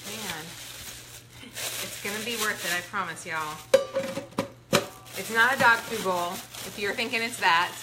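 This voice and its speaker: A woman's voice: mid-range voice, measured pace, pauses often. Bubbly woman hosting a live unboxing. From Ohio, US. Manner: bubbly, excitable, greets viewers by name. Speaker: product review livestream host. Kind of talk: live unboxing chat with viewers. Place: room in her home. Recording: echoey room with background noise.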